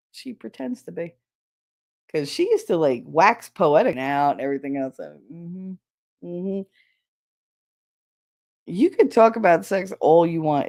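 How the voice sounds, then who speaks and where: A woman hosting a podcast and chatting casually. She tells stories in a low voice, swears freely and slips into the voices of people she quotes. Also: darkish tone. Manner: candid and profane, acts out quoted lines. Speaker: podcast host. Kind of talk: casual storytelling chat.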